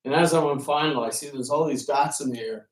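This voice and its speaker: A man who works as a ferry pilot tells animated stories to an audience and acts out the conversations he quotes. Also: fairly high pitch, brisk. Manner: animated anecdotes, acting out quoted exchanges. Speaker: ferry pilot and author giving a talk. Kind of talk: storytelling talk to an audience. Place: room with an audience. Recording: echoey room, from a distance.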